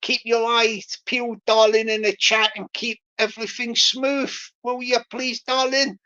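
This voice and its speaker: A woman chats casually on a livestream, rambling and repeating herself while giving viewers theatrical, gushing shout-outs. Her voice is a little high with little pitch movement, she speaks a little slowly, and the audio is dull.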